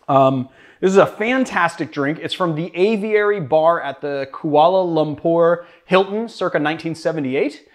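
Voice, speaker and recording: Young male cocktail host from Boston, slightly high voice, casual and jokey, chatting as he mixes. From Boston, USA. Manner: chatty, joking, self-deprecating.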